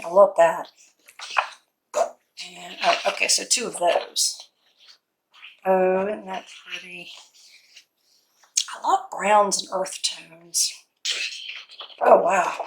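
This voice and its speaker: Gravelly-voiced woman gushing over crafts. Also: on the low side, noisy background. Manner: gushing, cooing over each item. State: losing her voice. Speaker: craft vlogger unboxing a scrapbook kit. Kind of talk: casual unboxing commentary.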